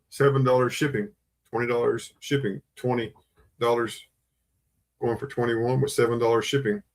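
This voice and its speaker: A man with a twang runs a live online sale. He calls and repeats the bids and keeps coaxing his viewers to join in. His voice sits at an ordinary middle pitch. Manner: auctioneer patter, repeating bids and urging buyers. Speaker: livestream auction host. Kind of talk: live online auction selling.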